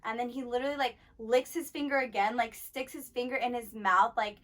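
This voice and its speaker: A woman in her twenties tells blunt, profane stories in loose podcast chat. She fills her sentences with "like", and her voice sits a little high. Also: fairly even intonation, brisk, fairly bright tone. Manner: blunt, profane storytelling, heavy filler "like". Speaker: podcast co-host. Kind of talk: casual chat.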